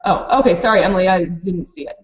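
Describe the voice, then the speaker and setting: A woman's voice: on the low side, quick pace. A woman presenting a teacher webinar, practical and matter-of-fact, with many fillers. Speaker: preschool program director presenting to teachers. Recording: dull lo-fi webinar audio.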